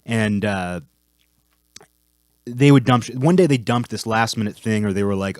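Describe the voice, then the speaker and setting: A man's voice: lowish voice, normal speed, long pauses, darkish tone, no room sound. Rambling young man, dry sound. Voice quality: rambling, lots of "like" fillers. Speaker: vlog host. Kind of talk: casual storytelling monologue.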